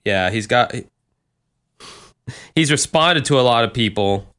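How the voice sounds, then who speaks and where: A man's voice: medium pitch, animated, a little slow, fairly bright tone, clean tone. A young man co-hosting a podcast, chatting casually and telling loose, rambling stories with some swearing. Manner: rambling, loose storytelling with profanity. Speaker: podcast co-host. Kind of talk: casual chat.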